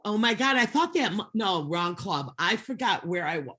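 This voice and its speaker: A woman hosting a podcast, chatting in an excitable, rambling and profane way. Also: mid-range voice, normal speed. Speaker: podcast host. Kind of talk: casual chat.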